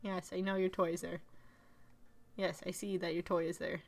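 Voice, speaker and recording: A woman's voice: fairly low pitch, little pitch movement, normal speed, soft background music. A woman streaming a game live from home, chatting playfully with her viewers and her dog and laughing often. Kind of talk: live gameplay commentary.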